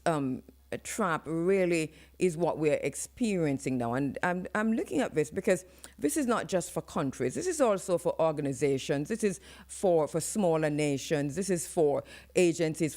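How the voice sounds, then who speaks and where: Lady radio host, low voice, swoops all over, slips into patois. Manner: animated, switches into patois for emphasis. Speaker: radio talk show host. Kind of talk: live radio commentary. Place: radio studio.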